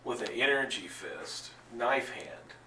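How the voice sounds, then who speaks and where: A man narrating a tabletop game as game master, spinning the action with jokes along the way. His voice is bright and forceful, and he talks at an unhurried pace. The mic is far off in a roomy space, with faint ambience behind him. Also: medium pitch, slight background noise. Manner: animated storytelling, jokey. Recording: echoey room, distant mic, faint ambience.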